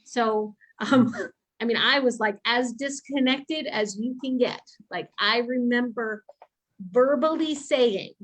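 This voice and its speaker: A woman's voice: a little high, takes it slowly, poor audio. A woman talking casually and earnestly about her beliefs. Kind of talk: casual chat.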